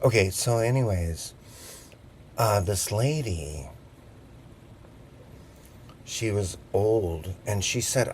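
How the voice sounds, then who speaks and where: A man's voice: lowish voice, slow, long pauses, slight background noise. A man in his fifties telling a rambling, jokey anecdote in a casual, digressive way. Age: 50s. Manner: chatty, digressive, jokey asides. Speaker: vlogger. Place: on a boat.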